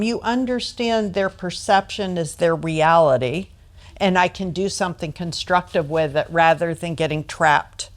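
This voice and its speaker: A middle-aged American woman leading a training session, explaining points through family anecdotes and acting out the quoted voices. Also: medium pitch. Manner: storytelling, acts out quoted voices.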